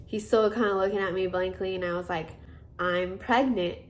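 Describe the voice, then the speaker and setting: A young woman in her twenties tells a personal story in a loose, chatty way. She leans on fillers and keeps slipping into the voices of the people in it. Her pitch sits in a plain middle range. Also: steady tone, fast. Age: 20s. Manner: chatty, filler-heavy retelling with many quoted asides. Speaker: vlogger. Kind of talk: casual storytelling.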